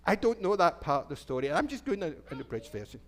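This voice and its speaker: A man's voice: a little high, big pitch swings, a little fast. A middle-aged Scottish man, a minister, telling a children's story in church in a chatty, playful way and asking the children questions. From Scotland. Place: church sanctuary.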